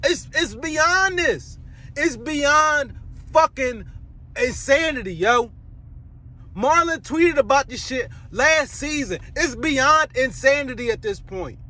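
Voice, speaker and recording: A man's voice: extremely high pitch, animated, takes it slowly, pushed and bright. A man delivering a heated, profane fan rant to his viewers, repeating himself as his anger builds. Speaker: fan vlogger.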